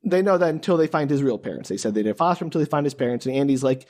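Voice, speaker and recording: A man's voice: medium pitch, animated, very fast, darkish tone. A man co-hosting a podcast, recapping a movie in casual chat with dry, sarcastic asides.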